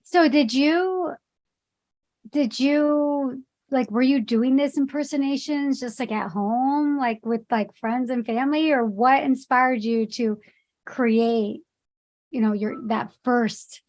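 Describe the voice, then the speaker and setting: A woman's voice: sits high, takes it slowly, darkish tone. A woman hosting an interview podcast, asking rambling questions that restart and trail on. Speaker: podcast host.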